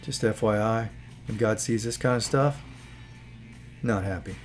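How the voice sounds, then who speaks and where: A man's voice: lowish voice, unhurried, pauses often, soft background music. A man talking in a casual, earnest commentary, moralizing and rambling with many asides as he hosts his own channel. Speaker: channel host.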